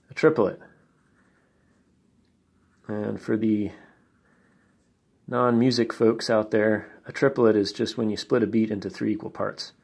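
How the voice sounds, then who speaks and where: A man teaching drums, explaining patiently step by step and counting beats out loud. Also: fairly low pitch, gravelly. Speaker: drum teacher. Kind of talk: instructional explanation.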